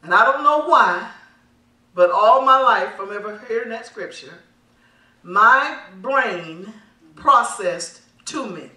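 A woman's voice: on the high side, expressive, slow pace, pushed and bright. A woman pastor preaching a sermon, calling for responses from the congregation and laughing between points. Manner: emphatic call-and-response preaching. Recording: echoey hall, mic at a distance.

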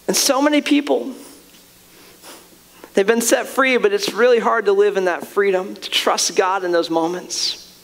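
A man's voice: high-pitched, steady tone, measured pace, gravelly, fairly bright tone, a little hiss or hum. A male pastor preaching a sermon to his church, earnest and emphatic, often restarting phrases as he builds his point.

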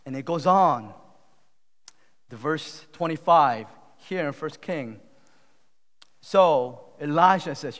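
Male pastor, slow sermon delivery, slightly high voice, long church reverb, shifts from loud emphasis to quiet pleading. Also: expressive. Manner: swings from loud emphatic retelling to low, slow, quiet appeals. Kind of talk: sermon retelling a Bible story. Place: church sanctuary.

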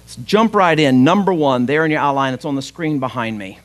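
A man's voice: mid-range voice, expressive, fairly quick. A man, preaching a sermon as pastor, retelling a story in a conversational way and voicing the father's lines.

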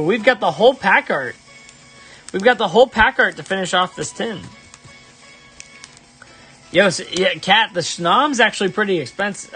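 On a live stream, a man chats casually while opening trading cards. He's excitable and tends to let out high, exasperated yelps.

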